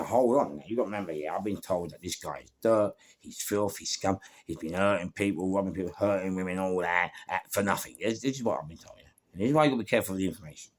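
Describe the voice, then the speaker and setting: An older man with a London accent telling crime stories in a casual, animated monologue, swearing freely and acting out the voices of people in his story. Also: low-pitched, a little hiss or hum.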